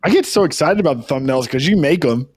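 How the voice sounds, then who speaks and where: A man's voice: fairly high pitch, quick pace. A young adult man co-hosting a comedy podcast, telling a rambling story in casual banter and laughing often. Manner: giggly, animated storytelling, frequent laughter. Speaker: podcast co-host.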